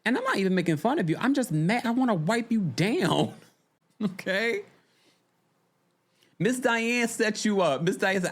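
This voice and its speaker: Man, podcast host, reality TV recap, exasperated, chatty, fairly high voice, very lively pitch. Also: moderate pace, long pauses. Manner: exasperated, animated, chatty, talks to the chat. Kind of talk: casual reality TV recap chat.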